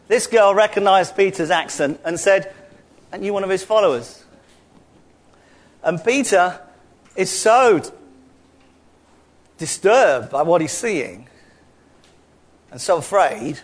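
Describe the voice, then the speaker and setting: A middle-aged man with a London accent giving a chatty, conversational sermon full of asides and rhetorical questions. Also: on the high side. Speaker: preacher.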